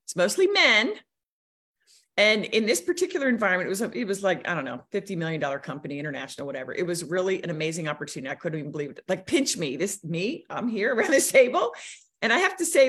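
A woman in her forties, a guest on a livestream, telling her life story in a lively, animated way. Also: husky. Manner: lively storyteller, swings pitch a lot. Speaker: guest, business coach.

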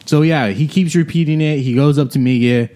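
A man's voice: a little high, brisk. Young man telling a rowdy story. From Watsonville, California. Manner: profane, laughing, animated storytelling. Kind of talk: casual storytelling chat.

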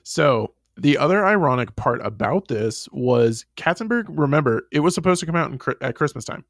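A man co-hosting a podcast in casual chat, telling the story in a lively, swearing way with frequent laughs. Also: on the high side, normal speed, creaky, no echo, studio quality. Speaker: podcast co-host.

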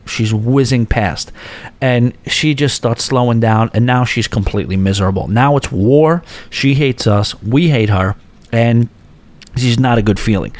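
A man hosting a podcast, telling a long personal story casually with animated asides and quick restarts. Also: mid-range voice. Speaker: podcast host.

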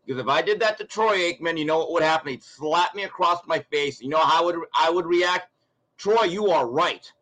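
A man's voice: fairly high pitch, quick pace, hardly any pauses, sharp tone, rough recording. A man giving blunt, ranting sports commentary as a show guest, acting out quotes from others. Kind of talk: opinionated sports talk.

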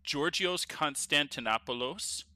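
A man co-hosting a podcast in casual chat, rambling excitedly and laughing often. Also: a little high, measured pace. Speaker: podcast co-host. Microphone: headphones on, podcast mic.

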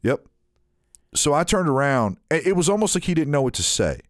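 A man co-hosting a podcast, telling a rambling, animated anecdote in casual chat and imitating the people in it. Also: fairly high pitch, a little fast, no echo, clean studio sound. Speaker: podcast co-host.

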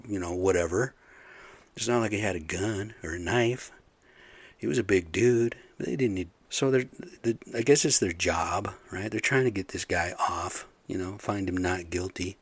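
Middle-aged man, low-pitched, angry rambling rant full of swearing, dry close sound. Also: husky, no echo. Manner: angry, profane, rambling with fillers. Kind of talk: casual rant.

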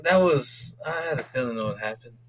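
A man co-hosting a casual sports podcast, rambling and swearing excitably as he rants about his team's games. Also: mid-range voice, fairly quick, a loud crowd. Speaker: podcast co-host.

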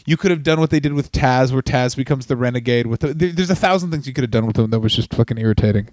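A man co-hosting a comedy podcast, bantering loudly and profanely with quick jokes. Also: mid-range voice. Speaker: podcast co-host.

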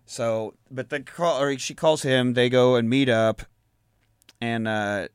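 A man's voice: medium pitch, steady tone, slow pace, clear, resonant tone, dry recording, clean studio sound. A man hosting a casual podcast, recapping a movie in a rambling, profane way and laughing often. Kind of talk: casual chat.

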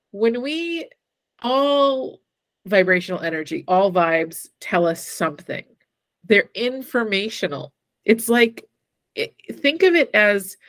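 A woman co-hosting a casual spiritual chat, animated, with many filler words and acted-out quotes. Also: mid-range voice, dry recording. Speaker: podcast co-host.

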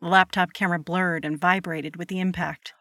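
In a close, dry recording with no room sound at all, a woman reads a scripted horror tale. She keeps a steady, measured pace in a voice that sits a bit low.

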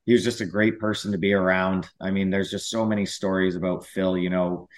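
A man's voice: sits low, little pitch movement, fairly quick. A man, a former pro hockey player, chatting as a podcast guest and telling rambling stories with many restarts. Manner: rambling storyteller with frequent restarts. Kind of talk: casual chat.

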